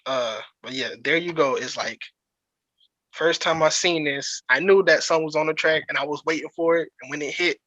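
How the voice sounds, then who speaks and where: A man's voice: fairly high pitch, normal speed, bright, forceful tone, no echo, highs cut off. A man hosting a podcast, chatting casually and in a laid-back way about a movie. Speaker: podcast host.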